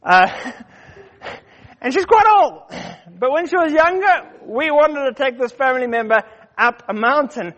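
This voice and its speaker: A middle-aged man from Africa, telling personal stories in a casual, animated way, often repeating words as he goes. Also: very high-pitched, measured pace, pauses often. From South Africa. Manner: animated, repeats words, acts out his quotes. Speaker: storyteller. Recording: dull muffled lo-fi recording.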